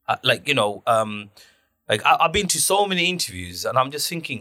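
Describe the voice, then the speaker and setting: A man with a mid-range voice speaks fairly quickly in a casual podcast chat. He's an animated storyteller, full of loose slang, and acts out the quotes in his stories.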